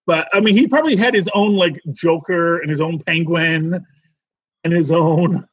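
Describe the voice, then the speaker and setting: A man co-hosting a podcast in casual chat, rambling and animated with many restarts. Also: on the high side, normal speed, highs cut off. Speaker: podcast co-host.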